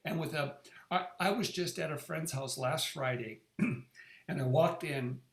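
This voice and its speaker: Halting middle-aged man in an echoey room. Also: on the high side, gravelly. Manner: halting, repeats words and restarts often. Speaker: presenter sharing his experience. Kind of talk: casual conversational talk.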